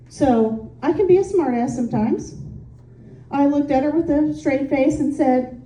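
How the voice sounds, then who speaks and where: Heard from afar in an echoing room, this Indiana woman performs a stand-up set at a moderate pace. Her voice sits high but carries a dark tone. She spins stories in a chatty, self-mocking style, peppered with "um"s.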